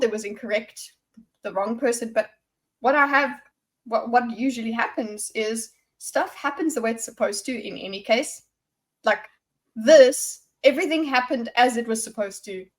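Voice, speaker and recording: A woman co-hosting a casual book discussion, excited and laughing while she thinks aloud. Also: a little high. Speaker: book club co-host.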